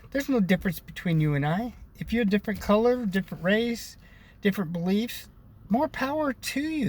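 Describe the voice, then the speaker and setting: Ranting male vlogger, American, slightly high, preachy, repetitive. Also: darkish tone. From United States. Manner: ranting, preachy, repeats himself; addresses viewers as brothers and sisters. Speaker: video blogger. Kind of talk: casual opinion monologue to camera.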